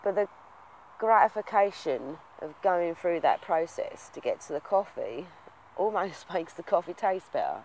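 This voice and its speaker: A man's voice: sits high, animated, measured pace, a little mellow, a little hiss or hum, low-quality recording. A man talking casually to the camera in a vlog, rambling and waffling with lots of fillers in a reflective, earnest way. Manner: rambling, self-confessed waffler, many fillers. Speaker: vlogger.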